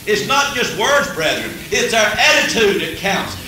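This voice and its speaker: Unhurried and high-voiced, with big swings in pitch, a man gives a folksy revival sermon at a church service. Humor runs through it, he chuckles often, and he surges to fervent peaks. The recording is an old church tape taken from a distance, echoey and faintly hissy.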